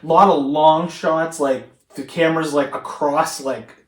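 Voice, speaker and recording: A man's voice: on the high side, steady tone, unhurried. A man co-hosting a podcast, telling loose, laughing stories in casual chat about films. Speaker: podcast co-host. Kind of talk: casual film discussion. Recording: roomy echo, distant from the mic.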